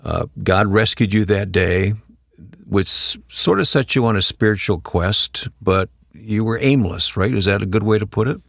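A man hosting an interview, gently probing and prompting his guest to tell more. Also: lowish voice, moderate pace, gravelly, no echo, clean studio sound. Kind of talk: interview questioning.

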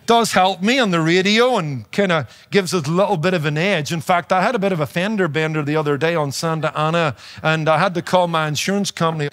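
High-voiced preacher with an Irish lilt. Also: male voice, fairly bright tone. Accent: Northern Irish. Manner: conversational preaching with rhetorical questions and humor. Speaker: pastor. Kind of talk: sermon.

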